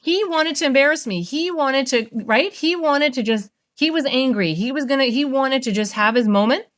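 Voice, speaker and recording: Animated woman therapist telling stories. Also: on the high side. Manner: animated, expressive storyteller. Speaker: therapist, podcast guest. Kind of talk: interview storytelling.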